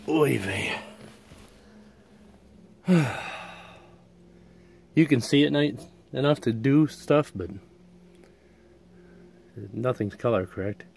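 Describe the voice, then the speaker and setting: A man's voice: medium pitch, darkish tone, a little hiss or hum. Breathless middle-aged man giving a casual van tour. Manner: folksy, plainspoken, chuckles often. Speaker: vlogger touring his camper van. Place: inside a small camper van.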